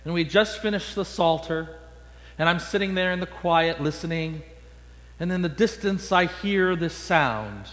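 Bright-voiced male preacher. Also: on the high side, measured pace. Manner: playful, animated storytelling. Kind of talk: storytelling sermon. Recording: long echo in a large hall.

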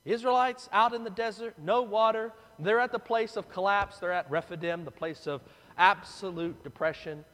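Delivered at a moderate pace, the sermon comes in a high, somewhat bright male voice. The preacher dramatizes the story and voices the people in the crowd, all echoing with the long reverb of a big hall.

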